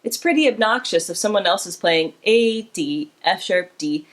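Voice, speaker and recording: A woman's voice: lowish voice, animated, moderate pace, fairly bright tone. Woman, string teacher, instrument lesson, encouraging, counting in. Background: instrument playing.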